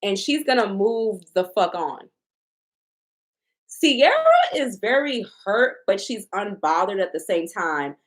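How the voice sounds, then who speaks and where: A woman talks through a tarot reading in a loose, casual way. Her pitch moves around a lot. She leans on repetition and swearing to make her points hit hard. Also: expressive, slow. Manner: emphatic, repetitive, profane. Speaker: tarot reader.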